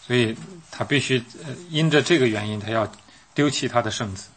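A man's voice: mid-range voice, fairly quick, a bit bright, slight background noise. A man interpreting a sermon live, hesitant, with frequent fillers and restarts.

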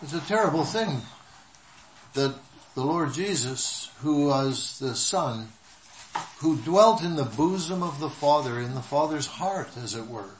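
A man preaching a sermon in short measured phrases, pausing so an interpreter can follow. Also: fairly high pitch, animated. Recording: echoey room with faint noise.

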